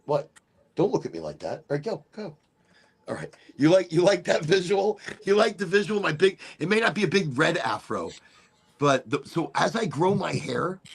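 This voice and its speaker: Gravelly, husky middle-aged man rambling. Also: fairly high pitch. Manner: rambling, laughing, swearing freely. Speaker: podcast host. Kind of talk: casual chat.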